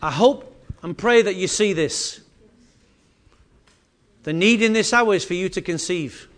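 A man pastor leading his church in a fervent closing prayer, at times speaking in tongues and rising to loud calls. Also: high voice, a little slow. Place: church sanctuary.

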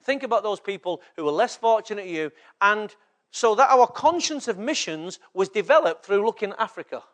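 A man's voice: high voice, lively intonation, a little fast, a bit bright. A man from England preaching a sermon as a pastor, often checking in with the congregation through short rhetorical questions.

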